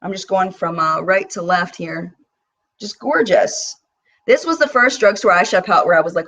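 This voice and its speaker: A woman hosting a casual live-stream about makeup, talking in a chatty, animated way with bursts of mock disbelief as she swatches products. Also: medium pitch, normal speed, distant mic, rough recording. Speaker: beauty vlogger hosting a live chat.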